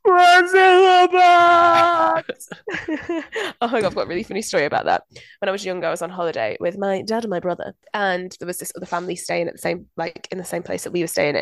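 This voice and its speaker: A woman co-hosting a podcast, telling lively anecdotes in casual chat and laughing often. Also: on the low side, fast, vocal fry, dry recording. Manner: chatty, animated anecdotes with frequent laughter. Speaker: podcast co-host.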